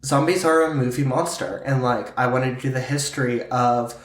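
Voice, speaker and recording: A podcast co-host from Pittsburgh chats casually and playfully, his talk dotted with ums and likes. The voice sits at a middle pitch for a man. It is recorded in an echoey room. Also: normal speed. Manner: playful, fillers like um and like. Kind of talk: casual chat.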